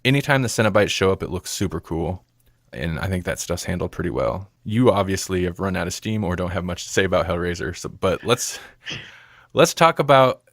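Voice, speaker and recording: A man's voice: sits low, a bit bright, no room sound, clean studio sound. A man co-hosting a movie review podcast, chatting casually and rambling, laughing often. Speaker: podcast co-host.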